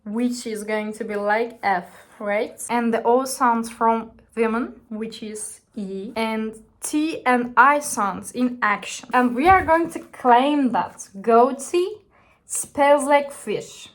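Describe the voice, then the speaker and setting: A woman's voice: fairly high pitch, slow pace. A woman with a Turkish accent, whose first language is Turkish, narrating a scripted explainer carefully and earnestly, with some non-native phrasing. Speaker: educational video creator.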